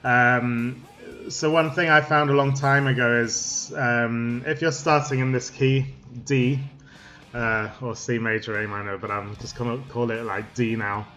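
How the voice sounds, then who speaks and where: A man explaining music theory in a casual, halting way, full of ums and restarts. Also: mid-range voice, steady tone, sharp tone.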